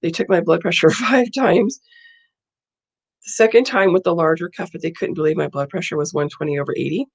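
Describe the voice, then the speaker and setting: A woman's voice: fairly low pitch, brisk, slightly rough. A woman vlogger telling a story in a casual, blunt and indignant way.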